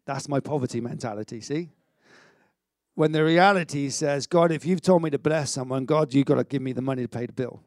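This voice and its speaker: A middle-aged man preaching a sermon in an energetic, conversational way, with stammered restarts and self-mocking humour. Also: medium pitch, brisk, no echo, clean studio sound. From Wales. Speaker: pastor.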